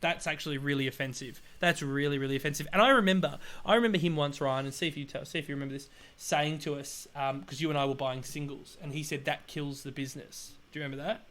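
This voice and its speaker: An Australian man co-hosting a podcast, telling stories in a lively, exasperated way with sudden outbursts. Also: fast. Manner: animated, exasperated storytelling with sudden high outbursts. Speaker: podcast co-host. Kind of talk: casual chat.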